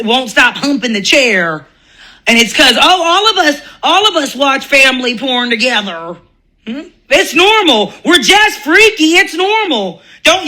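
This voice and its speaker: Bright-voiced woman ranting bluntly. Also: sits high, low-quality recording. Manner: blunt, profane, laughing often, mocking voices. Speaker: commentary vlogger. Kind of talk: ranting commentary monologue.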